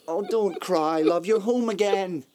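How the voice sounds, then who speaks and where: An actor in a radio drama playing a guilt-ridden, self-mocking womanizer who swings between pleading and wry jokes, with a husky voice. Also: high voice, measured pace, darkish tone. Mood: tender.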